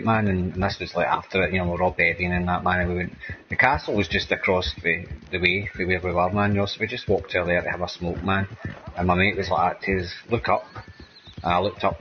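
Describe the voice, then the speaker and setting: A deep-voiced man with a Scottish accent talks fast in a fairly even intonation, over a muffled recording with a little hiss or hum. Streaming gameplay, he chats casually and rambles, ending nearly every sentence with "man" or "mate."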